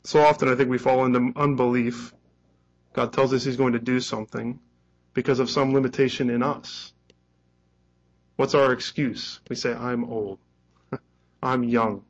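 A man's voice: mid-range voice, steady tone, normal speed, long pauses, dull audio. Conversational male pastor preaching. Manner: conversational, acts out quoted lines with chuckles. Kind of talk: sermon.

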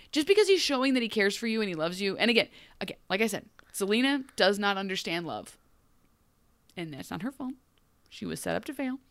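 A woman's voice: on the high side, dry recording. A woman co-hosting a podcast, chatting casually about a TV episode and acting out the characters' lines as she tells it. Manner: animated, acts out characters' lines mid-story. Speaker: podcast co-host. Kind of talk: casual chat recapping a TV episode.

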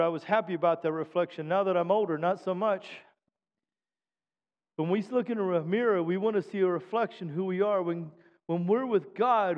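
High-voiced preaching man, echoing hall. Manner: emphatic preaching with frequent call-outs for amen. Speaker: pastor. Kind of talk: sermon. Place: church sanctuary. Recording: dull sound with long hall reverb.

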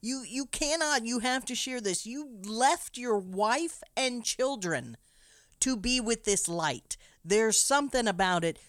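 A desperate young man begs and rants in frustration, as a woman puts him on. The voice goes loud and high when he pleads, over a dry, close sound. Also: lively intonation, a little slow, no room sound. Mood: pleading, frustrated. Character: desperate young male worker, angry and pleading.

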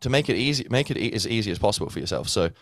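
Deep voiced guy just chatting, lots of ums and restarts, dry close sound. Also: animated, racing, no room sound. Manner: rambling, with many fillers and restarts; acts out a learner's inner thoughts. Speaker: podcast host. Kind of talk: casual teaching monologue.

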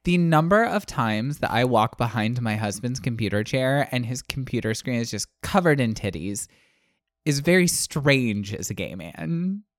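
A male podcast co-host with a lively voice whose pitch moves up and down a lot. He drops in wry, teasing comments. The recording is dry and close. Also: moderate pace, no echo. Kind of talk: casual podcast chat.

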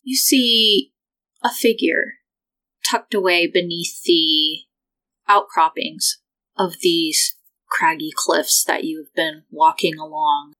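Woman game master, lower voice, calm and measured describing scenes. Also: rough recording. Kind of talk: narrating a tabletop game.

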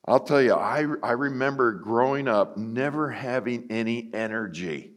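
A man's voice: lowish voice, expressive, a little slow. An older man preaching as a guest speaker, telling personal stories in a folksy, earnest way. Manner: folksy, earnest, acts out quotes.

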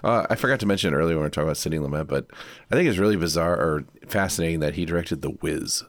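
A man co-hosting a film podcast, adding quick asides and questions to the chat. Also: very deep voice, dry recording, clean studio sound. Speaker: podcast co-host. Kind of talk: casual film discussion.

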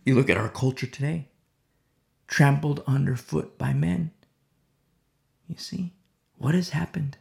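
Gravelly preacher swinging loud to hushed. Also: male voice, fairly high pitch, measured pace, pauses often. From America. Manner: dramatic swings from loud emphasis to hushed near-whispers. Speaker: pastor. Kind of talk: sermon.

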